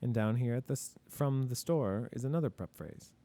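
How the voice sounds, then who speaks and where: A man with a mellow, medium-pitched voice talks at an ordinary pace through grammar examples. It's a casual lesson in which the teacher asks himself questions, answers them, and openly acknowledges mistakes.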